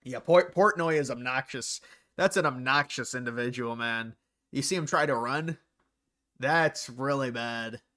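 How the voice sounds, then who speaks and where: A man's voice: medium pitch, unhurried, pushed and bright. Rambling man hosting a livestream. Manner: rambling, answers viewers' comments. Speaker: livestream host. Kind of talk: casual livestream chat.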